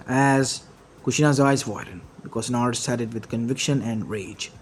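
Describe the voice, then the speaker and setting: A man narrating an amateur fan-made story in a halting way, often restarting his phrases. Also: medium pitch, slight background noise.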